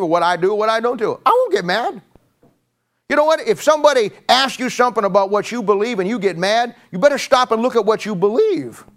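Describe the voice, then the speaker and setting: An older man in his sixties preaches in a folksy, conversational way, his voice sitting a little higher than most men's. He jokes as he goes and rambles through his stories, often stopping and restarting mid-sentence. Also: a bit bright. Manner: joking, rambling storyteller with frequent restarts.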